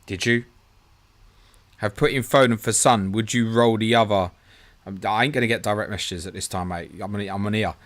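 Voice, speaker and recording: A man's voice: fairly low pitch, moderate pace, fairly bright tone. A man hosting a live stream, chatting casually as he reads out viewer questions and answers them. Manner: chatty, reads viewer messages aloud, calls people "mate".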